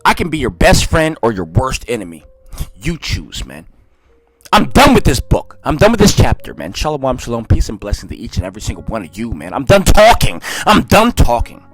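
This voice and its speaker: A man reading scripture in a low, dramatic voice and breaking into fiery, shouted commentary, calling listeners "man". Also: huge pitch swings, fairly quick, husky, faint music behind. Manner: peppers speech with "man". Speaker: Bible reader and preacher.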